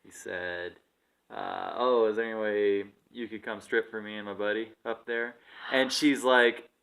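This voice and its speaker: A young man on a casual podcast, telling a workplace story with plenty of swearing and quick voices for the people in it. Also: fairly low pitch, fairly even intonation, creaky, a bit bright. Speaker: podcast co-host.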